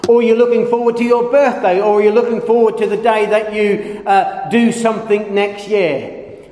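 Male preacher, mellow slightly high voice, animated sermon with jokes, roomy hall reverb. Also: normal speed, slight background noise. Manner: animated storytelling with playful asides and acted quotes. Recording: echoey hall with long reverb.

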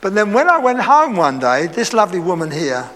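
High-voiced Essex preacher in a reverberant hall. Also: male voice, a little fast. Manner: lively storytelling, laughs and acts out quotes. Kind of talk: sermon. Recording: echoey hall with faint background noise.

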